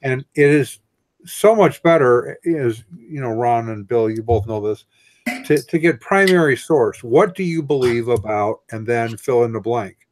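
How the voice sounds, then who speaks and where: A man hosting a casual chat, often halting and repeating words as he starts a thought. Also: mid-range voice, lively intonation. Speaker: host.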